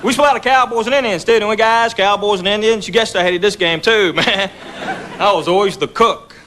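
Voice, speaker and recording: A man's voice: high voice, fast talker. Man doing stand-up. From Tennessee, USA. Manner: casual, joking storyteller addressing the crowd. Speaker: stand-up comedian. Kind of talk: stand-up comedy set. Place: comedy theater stage.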